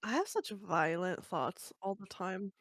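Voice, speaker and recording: A woman's voice: mid-range voice, very animated, unhurried, a bit bright, no room sound. A woman co-hosting a podcast, chiming in with dry wisecracks during casual chat.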